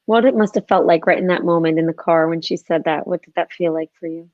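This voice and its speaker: A woman hosting an interview, asking questions in a soft, affirming way. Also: fairly low pitch, quick pace, dry recording, dull audio. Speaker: host.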